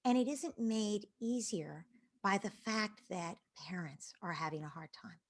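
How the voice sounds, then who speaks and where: A woman parenting educator giving a live online talk to parents, earnest, with phrases that trail off into breathy near-whispers. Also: mid-range voice, measured pace.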